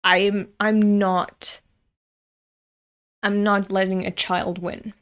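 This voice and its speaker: Slow-talking chatty woman storyteller. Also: medium pitch, flat delivery, fairly bright tone, smooth. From Europe. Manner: chatty, laughs often, self-mocking. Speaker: host reading a manga. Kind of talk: casual storytelling and manga commentary.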